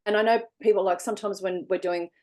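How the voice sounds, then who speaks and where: A woman's voice: mid-range voice, steady tone, fast, a little mellow. A woman with an Australian accent, a guest in an online interview over a video call, telling stories animatedly and acting out voices.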